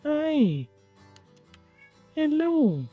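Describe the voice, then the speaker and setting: A woman cooing at a cat in a high sing-song voice, drawing out each call. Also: sing-song, extremely slow. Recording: tinny, phone-like with faint music.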